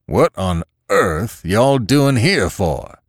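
A man's voice: fairly low pitch, big pitch swings, drawn-out words, no room sound, clean studio sound, heavily acted. A man voicing a bewildered old farmer who gasps out short, stunned questions in rural speech. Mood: startled.

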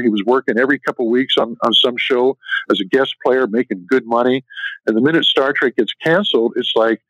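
A man's voice: medium pitch, fairly bright tone, no echo. Male author guest, anecdotal storyteller, dry dull lo-fi sound. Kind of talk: interview answers.

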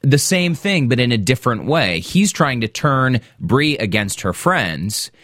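A man co-hosting a casual podcast about a TV drama, animated and laughing easily. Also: medium pitch, unhurried, dry recording, clean studio sound. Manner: animated, laughs easily, acts out quoted lines. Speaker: podcast co-host. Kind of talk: casual TV recap chat.

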